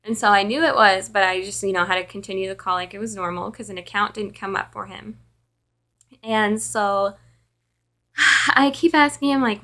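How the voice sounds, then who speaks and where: A woman's voice: medium pitch, steady tone, normal speed, pushed and bright. A tired young woman who works at a call center, chatting casually in a vlog and filling her talk with "like.".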